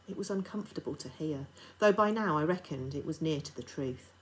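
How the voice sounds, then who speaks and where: A woman, a teacher, reading a children's novel aloud to her class in a steady, expressive narration. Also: low voice, brisk, hardly any pauses, rough recording.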